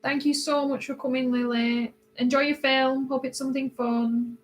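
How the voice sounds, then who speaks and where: A woman's voice: high-pitched, little pitch movement, normal speed, low-quality recording. Chatty British woman streaming live. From Britain. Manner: chatty, reads and answers viewer comments; laughs often, drifts quieter while concentrating. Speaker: livestream host. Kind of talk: casual chat while coloring.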